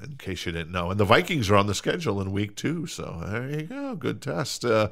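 A man's voice: lowish voice, very animated, a little fast, vocal fry, fairly bright tone. A man with a Minnesota accent hosting a casual sports podcast, talking with many fillers and restarts. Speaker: podcast host.

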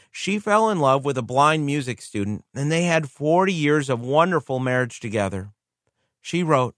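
A man's voice: mid-range voice, fairly bright tone, no room sound. Man preaching a story, earnest and reverent, dry close sound. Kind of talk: sermon storytelling.

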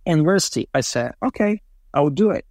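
Male guest, lively anecdotal delivery with acted-out quotes, dry close recording. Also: a little high, fairly quick, no room sound. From Brazil. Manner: animated, acts out quoted voices, frequent fillers. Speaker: interview guest, racing driver. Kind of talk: casual storytelling.

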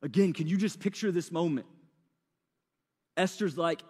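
A man's voice: on the high side, normal speed, a little mellow, husky, in a large hall. A man preaching a sermon, retelling the story in a casual, slangy, conversational way.

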